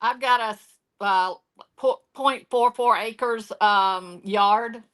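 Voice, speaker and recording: Georgia woman caller, unhurried and plain, bright tone. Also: a little high. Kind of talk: casual call-in chat.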